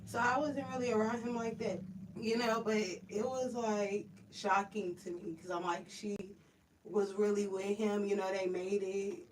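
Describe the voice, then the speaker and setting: A woman's voice: medium pitch, steady tone, unhurried. A woman guest speaking candidly and casually, filling her talk with "you know". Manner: candid, frank, many "you know" fillers. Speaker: podcast guest. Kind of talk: casual chat. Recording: roomy, distant mic with faint hiss.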